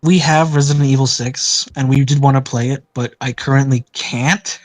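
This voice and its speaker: A man's voice: mid-range voice, fairly even intonation, moderate pace, no echo. A man co-hosting a game stream, chatting casually with joking, wry asides. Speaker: streamer co-host. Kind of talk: casual let's-play chat.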